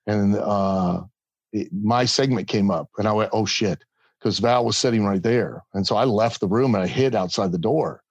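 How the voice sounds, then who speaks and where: A man's voice: lowish voice, normal speed, breathy edge, no room sound. A man guest telling a story in a casual interview and acting out the other people's voices. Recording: dull lo-fi sound.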